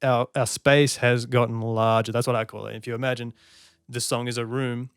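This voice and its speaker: A man's voice: mid-range voice, flat delivery, moderate pace, clear, resonant tone, no echo, studio quality. A man giving music analysis commentary as a songwriter, stopping to sing lines and count beats to show his points. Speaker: songwriter reacting to an album.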